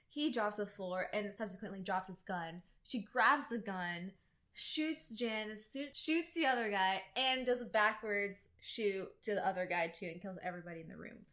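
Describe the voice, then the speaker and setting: A woman with a bright, forward voice co-hosts a casual podcast. She recaps a TV episode scene by scene, telling it in a lively way and dropping into quoted dialogue as she goes. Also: a little high. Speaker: podcast co-host.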